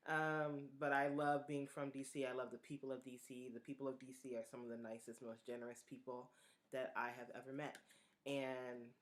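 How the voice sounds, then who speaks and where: A woman from the Maryland suburbs hosting her own live stream as a singer-songwriter, answering viewer questions in a relaxed, earnest way and thinking aloud with pauses and restarts. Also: extremely low pitch. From Prince George's County, Maryland, USA.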